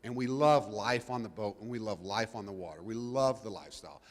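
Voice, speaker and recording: A man's voice: lowish voice, a little fast, in a large hall. A middle-aged man gives a folksy, joking talk to a live audience as a guest speaker, rambling a little with restarts. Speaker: guest speaker, cruising family father. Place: event venue before a live audience.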